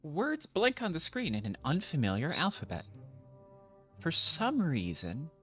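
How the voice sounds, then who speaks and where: A woman's voice: low voice, wildly swooping pitch, measured pace, faint music behind. Playful woman reading game text. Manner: playful, jokey, mock-dramatic asides. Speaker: streamer playing a video game.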